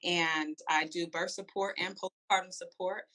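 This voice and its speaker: A woman from Seattle speaks as a guest herbalist and doula. Her voice is low and bright, and her talk is upbeat and direct. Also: fairly even intonation, normal speed. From Seattle, Washington. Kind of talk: live online interview.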